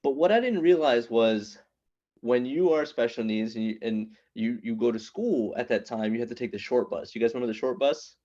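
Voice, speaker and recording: A man in his thirties, an immigrant raised in New York City, telling a stand-up comedy story with punchy, animated delivery and quick asides to the crowd. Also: mid-range voice, lo-fi sound. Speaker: stand-up comedian at open mic.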